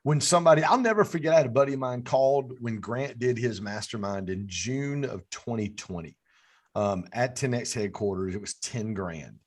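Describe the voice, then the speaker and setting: A man hosting a podcast, telling stories in a casual, animated way, his voice leaping up when he gets excited. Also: mid-range voice, moderate pace. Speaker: podcast host. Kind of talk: casual interview chat.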